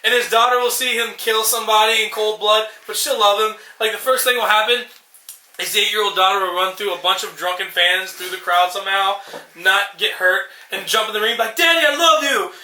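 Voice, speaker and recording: A man's voice: sits high, fairly even intonation, brisk, bright, forceful tone. A man co-hosting a podcast, ranting in a rambling, profane way and acting out scenes in mocking voices. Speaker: podcast co-host. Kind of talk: casual ranting chat. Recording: roomy echo.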